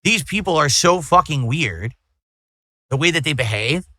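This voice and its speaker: A man's voice: a little high, expressive, moderate pace, bright, forceful tone, no echo, studio quality. A man livestreaming, lecturing his chat indignantly and repeating his accusations. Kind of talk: ranting livestream talk.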